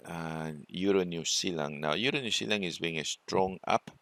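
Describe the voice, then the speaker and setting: A man presenting a forex trading walkthrough, talking it through unhurriedly with many fillers and pauses. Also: deep voice, bright, forceful tone, no echo. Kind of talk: screen-share trading walkthrough.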